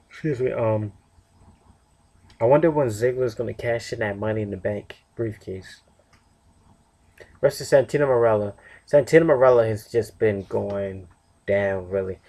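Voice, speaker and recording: A man's voice: fairly low pitch, moderate pace, pauses often, warm tone. Young man, sleepy, rambling, casual solo review, lots of fillers. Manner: rambling, loose, with fillers and self-corrections. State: tired, yawning. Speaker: wrestling show reviewer.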